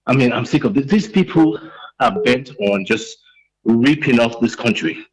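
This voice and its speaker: A Sierra Leonean man ringing in to a talk radio show. He speaks in a husky, breathy voice. He is agitated and emotional, and he stumbles through restart after restart. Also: medium pitch, expressive, normal speed, poor audio. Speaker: radio call-in caller. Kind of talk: impassioned call-in rant.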